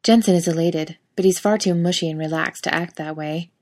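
A woman narrating a fiction audiobook in a slightly low voice. She reads in an even, steady way, keeping a calm storytelling pace. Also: brisk.

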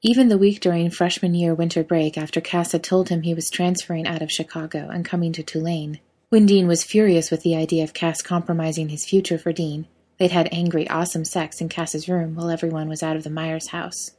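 A woman reading a story aloud in a steady, even way. Her voice sits somewhat low for a woman. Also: fairly quick. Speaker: narrator.

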